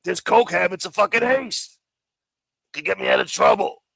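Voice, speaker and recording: A man doing a mocking impression of a gravelly-voiced mobster. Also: high-pitched, moderate pace, a bit bright, no echo, pitched above the performer's own voice, exaggerated voice. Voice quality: gravelly, husky. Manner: mocking imitation.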